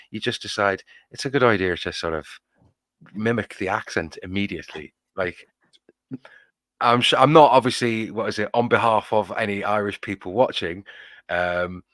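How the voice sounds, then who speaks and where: A man's voice: deep voice, fairly bright tone, no echo. A man co-hosting a casual fan show, wordy and playfully mock-formal. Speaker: co-host. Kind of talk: casual fan podcast chat.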